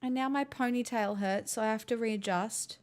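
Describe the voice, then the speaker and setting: A woman's voice: a little high, normal speed, a little mellow. A young woman live streaming on a headset mic, chatting to her viewers in a giggly, rambling, self-mocking way. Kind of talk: casual chat with stream viewers.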